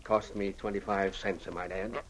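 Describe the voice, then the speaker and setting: A man's voice: low-pitched, flat delivery, normal speed. A grumpy sly townsman. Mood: grumbling. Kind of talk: old-time radio drama acting. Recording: muffled old radio recording with faint hiss.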